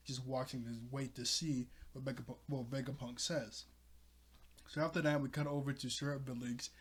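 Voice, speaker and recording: A man giving a casual, rambling recap of a manga chapter, chuckling as he goes. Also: mid-range voice. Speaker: manga reviewer.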